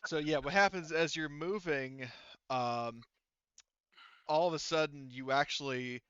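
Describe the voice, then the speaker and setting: Bright, rambling male game master. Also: on the high side, a little slow, smooth, no echo, highs cut off. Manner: rambling, full of fillers and restarts. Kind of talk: narrating a tabletop game.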